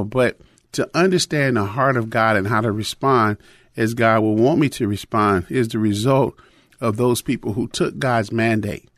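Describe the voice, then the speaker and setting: A middle-aged man with a mid-range voice delivers a conversational sermon, sharing a personal story full of fillers and restarts. The recording is dry and studio quality.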